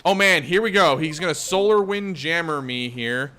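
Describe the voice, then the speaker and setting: A man's voice: fairly high pitch, moderate pace, bright, forceful tone. A man hosting a gaming channel, chatting casually and thinking aloud as he plays. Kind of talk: casual let's-play commentary.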